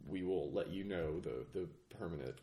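Low-voiced man with a chest cold. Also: vocal fry, dark tone. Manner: measured, explanatory, with restarts. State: recovering from a chest cold, coughing. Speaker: guest. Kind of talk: casual podcast conversation. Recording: roomy echo.

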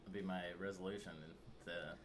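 A man's voice: low voice, steady tone, normal speed, a little hiss or hum. A man co-hosting a podcast, talking hesitantly with many ums and dry remarks. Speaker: podcast co-host. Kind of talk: casual podcast chat.

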